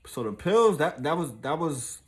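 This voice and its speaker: A man's voice: on the high side, expressive, normal speed. A young man telling a story in casual, profane talk, full of fillers and restarts. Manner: loose and profane, with frequent fillers and laughs.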